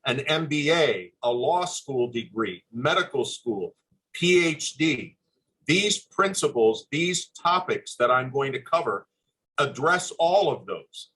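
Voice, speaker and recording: An older man giving a formal webinar presentation over a video call, speaking in an earnest, measured and courteous way. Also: mid-range voice, a bit bright, husky, rough recording. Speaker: webinar presenter, former admissions dean.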